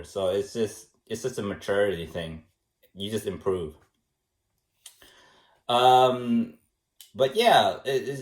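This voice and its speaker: A man in a casual rambling monologue who shrugs things off in soft, dismissive replies. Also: mid-range voice. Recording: roomy echo.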